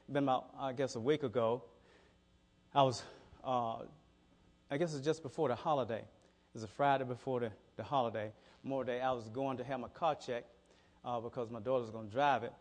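A man's voice: mid-range voice, steady tone, normal speed, long pauses. A middle-aged man preaching a conversational sermon, telling stories in a folksy way and often repeating his words. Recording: reverberant hall.

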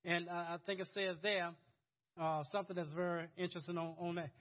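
High-voiced pastor preaching, chuckling. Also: male voice, level tone, fairly quick, highs cut off. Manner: conversational preaching, chuckling, repeats words. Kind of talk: sermon.

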